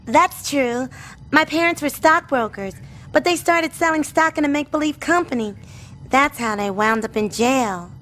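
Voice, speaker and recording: A woman voicing a gentle, polite, well-spoken young girl who ran away from uptown, in an animated sitcom. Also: sits high, moderate pace, soft background music. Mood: sweet.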